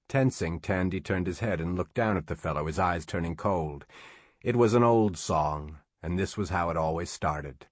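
A low-pitched man narrates an audiobook in a steady, measured storytelling style. There is no room sound.

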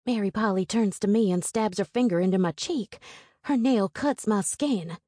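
Woman narrator, first-person storybook reading, calm, measured, dry close sound, middle pitch. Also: dry recording. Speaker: audiobook narrator.

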